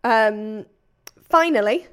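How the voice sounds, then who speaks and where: A woman hosts a casual podcast chat. Her voice sits a little high. She reads a listener's story and keeps stopping to joke about it. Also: animated, takes it slowly. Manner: chatty, playful, breaks off to joke mid-story. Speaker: podcast co-host.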